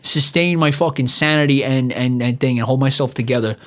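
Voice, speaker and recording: A man's voice: medium pitch, fairly quick. A young man from New hosting a podcast alone, ranting with lots of swearing, rambling and stumbling over his words. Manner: rambling, profane, stumbles and restarts often. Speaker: podcast host. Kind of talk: profane solo rant.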